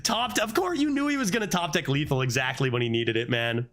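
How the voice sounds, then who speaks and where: A man's voice: medium pitch, quick pace. A man streaming a card game, chatting casually, swearing and breaking into laughing outbursts. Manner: animated, swears often, frequent laughing outbursts. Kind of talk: casual gameplay commentary.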